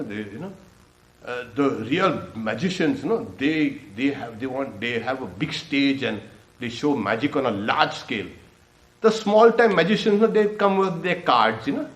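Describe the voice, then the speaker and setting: A man giving a sermon as a swami, his voice carrying around an echoey hall. He laughs often as he talks and leaps up in pitch when he acts out people's questions. He sounds mid-pitched and unhurried. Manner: laughs often, animated with lively pitch jumps. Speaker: swami giving a spiritual talk.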